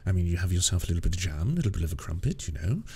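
A man's voice: big pitch swings, rapid-fire, breathy edge, heavily acted. A man putting on a smug, prim posh Briton. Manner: sarcastic, prim, low and hushed. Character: smug posh British man, mock impression.

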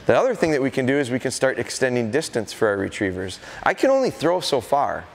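A middle-aged man gives a live training seminar, his voice at an ordinary middle pitch. He tells anecdotes and slips into the voices of dogs and owners. His voice rings with the long reverb of a large event hall. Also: very animated, quick pace, vocal fry, a little hiss or hum. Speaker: dog trainer leading a seminar. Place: event hall at a deer festival.

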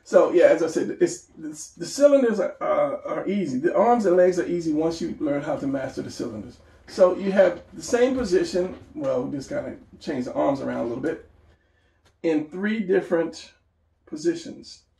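A man's voice: fairly high pitch, expressive, normal speed, creaky, mellow. A man giving a casual drawing lesson, rambling and talking to himself as he sketches. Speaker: drawing instructor. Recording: echoey room, voice from a distance.

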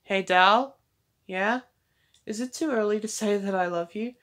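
A woman reading as a gentle young boyfriend. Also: mid-range voice, measured pace, lightly acted. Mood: affectionate. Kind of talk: fanfiction read aloud.

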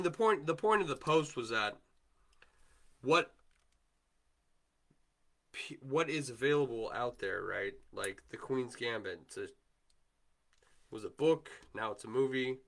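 A man's voice: medium pitch, animated, slow, vocal fry, pauses often, a bit bright. A man with a Wisconsin accent hosting a livestream, chatting casually and rambling while he works on chainmail and answers viewer comments. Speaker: livestream host, chainmail maker.

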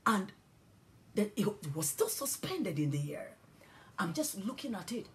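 A woman from Ghana telling a spiritual testimony, animated and emotional, with hushed, awed passages. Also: mid-range voice, measured pace. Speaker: Christian speaker.

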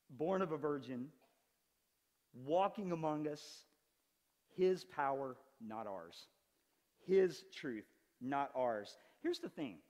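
A pastor in his forties preaching an animated, conversational sermon with touches of humor. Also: a little high, big-room sound. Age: 40s. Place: church sanctuary.

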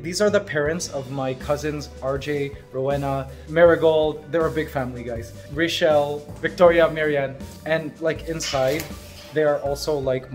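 A man from Canada in his thirties, vlogging casually from his farmhouse and gushing to his viewers with excitement and emotion. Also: mid-range voice. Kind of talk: casual vlog. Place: farmhouse under construction.

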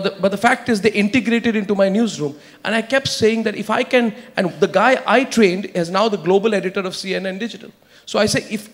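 A middle-aged man, a media executive speaking on a panel in an emphatic, persuasive way. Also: high voice. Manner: emphatic, persuasive, repeats himself for stress. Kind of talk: panel discussion.

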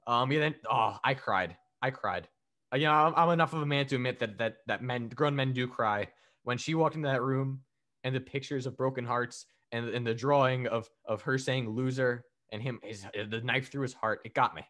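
A man's voice: medium pitch, moderate pace, a bit bright. A man co-hosting a podcast, chatting casually and profanely about wrestling, rambling with fillers and frequent laughs. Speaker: podcast co-host. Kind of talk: casual chat reviewing wrestling.

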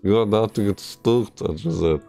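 A man streaming a game, chatting casually and rambling with jokes, sometimes breaking into loud high squeals. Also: normal speed, vocal fry, faint music behind. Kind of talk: casual gameplay commentary.

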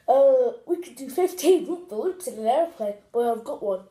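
A woman hosting a children's craft show, playful and animated, with gasps and giggles. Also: high voice, normal speed, hardly any pauses. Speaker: host of a kids' craft show.

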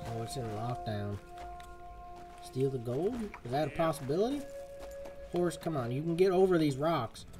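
A young man chatters through his live playthrough in a playful, put-on country drawl. His voice sits a touch high, and game music plays underneath him throughout. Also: animated, moderate pace, long pauses. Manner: jokey, fake folksy cowboy talk. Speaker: gaming streamer. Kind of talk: casual live gameplay commentary.

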